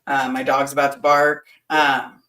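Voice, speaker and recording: A woman's voice: rumbling low, flat delivery, a little slow, a bit bright, echoey room, distant mic, low-quality recording. A woman talking bluntly and candidly as a guest in a casual chat, swearing now and then.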